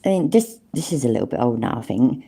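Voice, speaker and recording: A woman's voice: very deep voice, lively intonation, fast talker, creaky, dark tone, slightly rough. A woman giving mocking reaction commentary over a stream, sarcastic and taunting, swearing freely.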